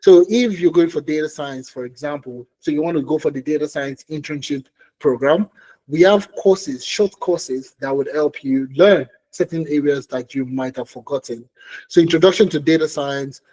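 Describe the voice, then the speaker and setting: A man's voice: on the high side, moderate pace, warm tone, rough recording. A man presenting a career webinar for tech job seekers, who talks emphatically, repeats key phrases and keeps checking in with "okay?" and "all right?".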